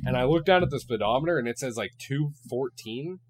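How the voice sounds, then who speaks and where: Young man, podcast host, casual chat, swears a lot, animated storyteller. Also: mid-range voice, a little fast. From Ohio, USA.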